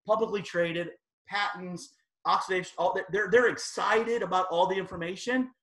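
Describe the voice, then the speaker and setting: A man's voice: high-pitched, fairly bright tone. A man speaking as a guest at a sales team training, delivering a motivational talk in an emphatic, fired-up and casual, slangy way.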